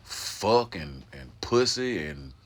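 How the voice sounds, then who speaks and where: Low-voiced laid-back man from Atlanta. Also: very animated, slow pace, a bit bright, slightly rough. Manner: laid-back, full of fillers and restarts. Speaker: group member being interviewed. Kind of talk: casual interview talk.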